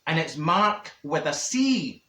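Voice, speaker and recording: A chatty, gossiping older Scottish woman, put on by a man, rambles through her grievances with a bright, sharp edge to her voice. Her pitch shoots up whenever she gets indignant. The sound is roomy and echoey. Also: very animated, slow, heavily acted. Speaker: comic character monologue. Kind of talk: stand-up character comedy. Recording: roomy echo.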